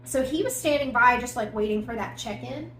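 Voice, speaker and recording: A woman's voice: fairly high pitch, brisk. A woman co-hosting a podcast, recounting a crime case in casual storytelling with emphatic asides. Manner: conversational, recounting events with emphatic asides and fillers. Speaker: podcast co-host. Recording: echoey room with faint background noise.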